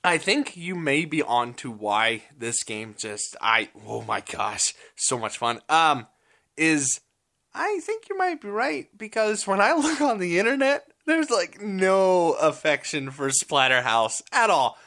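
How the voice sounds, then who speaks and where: Excitable podcast guy gushing about old games, bright voice, pitch bouncing all over. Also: a little slow. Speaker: podcast co-host. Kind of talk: casual chat about retro games.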